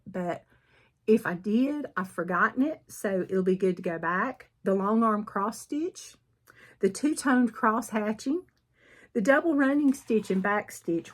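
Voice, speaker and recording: A middle-aged woman with a Southern accent chatting casually as she shows her cross stitch projects, rambling a little and often clearing her throat. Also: mid-range voice. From southern United States. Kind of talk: casual chat showing needlework projects.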